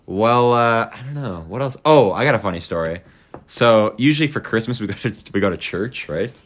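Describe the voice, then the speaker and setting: A man's voice: on the low side, lively intonation, normal speed. A young man hosting a podcast, telling stories in a loose, profane, casual way. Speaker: podcast host. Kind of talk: casual chat.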